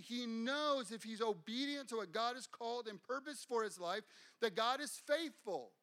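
A man's voice: very high-pitched, lively intonation, normal speed, fairly bright tone. A man preaching a sermon as pastor, fervent and repeating phrases for emphasis.

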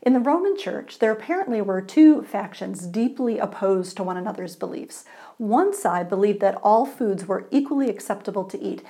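A woman's voice: medium pitch, expressive, normal speed, mellow. A woman pastor giving a sermon in a conversational way, asking the congregation for responses.

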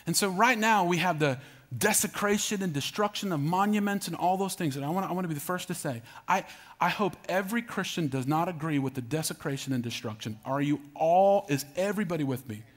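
With hardly any pauses, a middle-aged Southern U.S. preacher speaks a little fast in a slightly high voice. Emphatic in his sermon, he repeats phrases and calls out to his congregation as their pastor.

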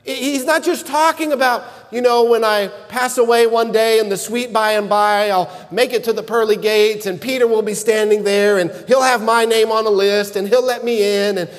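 A man preaching a sermon, earnest and measured, building to emphatic shouts at key points. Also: high-pitched, fairly even intonation, big-room sound. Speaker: pastor.

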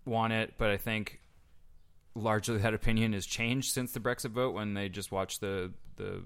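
A man's voice: fairly low pitch, fairly even intonation, normal speed, a bit bright, clear, resonant tone. A Canadian man co-hosting a casual podcast chat, chatty and wry. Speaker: podcast co-host.

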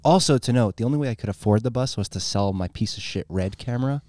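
Mellow easygoing man telling a story. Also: fairly low pitch, quick pace, no room sound, studio quality. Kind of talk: casual podcast chat.

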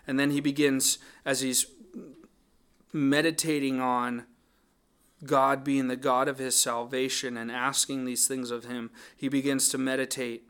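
A man's voice: mid-range voice, level tone, a little slow, fairly bright tone, clear, resonant tone. A man preaching a sermon, earnest and thoughtful, often restarting his phrases as he works through a psalm. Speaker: pastor.

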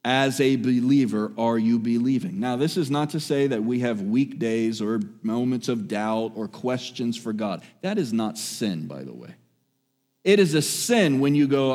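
A pastor delivers a sermon with emphasis, repeating key phrases and moving between raised exhortation and hushed, quiet lines. His medium-pitched voice is expressive and keeps a measured pace.

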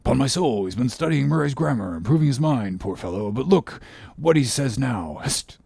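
A man voicing an excitable, jeering sailor mate in an audiobook, giving an exclamatory running commentary. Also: mid-range voice, normal speed, gravelly, breathy edge, no room sound. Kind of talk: audiobook character reading.

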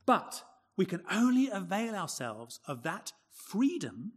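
A man preaching a sermon from the pulpit with emphatic, expressive delivery. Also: high voice, takes it slowly. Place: church. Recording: long church reverb.

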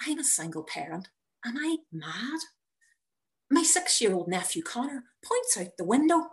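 A woman reading her own personal story aloud in a measured, wry manner. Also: on the high side, big pitch swings. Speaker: narrator.

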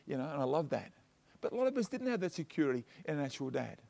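Middle-aged man, high voice, casual pastor giving a story-driven sermon; chatty, keeps checking in with listeners. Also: very animated, fast talker, gravelly, mellow. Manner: chatty and personal, tags points with "okay?" and "you know". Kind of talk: conversational sermon.

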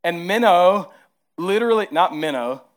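A man with a Southern accent preaching a sermon as pastor, moving between hushed, tender lines and emphatic rises. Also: a little high, a little slow.

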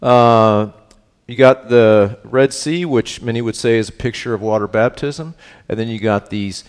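Animated man preaching conversationally. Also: mid-range voice, measured pace, clean tone. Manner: questioning, checks in with "right?"; swings between hushed and animated. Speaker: pastor teaching a Bible study. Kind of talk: conversational sermon.

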